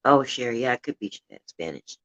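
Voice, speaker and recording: Chatty and rambling, this older woman livestreams from home with a heater going in the background, now and then turning indignant over politics. She has a bass voice, animated and a little fast, with a fairly bright tone, captured in lo-fi sound.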